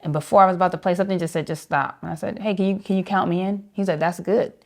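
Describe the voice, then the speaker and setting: A woman with a lowish voice, telling her stories with a lot of energy. She laughs easily and jumps up high when she acts out what other people said. She is a young saxophonist talking to an interviewer. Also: steady tone, very fast. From New York. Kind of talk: animated storytelling with acted-out quotes.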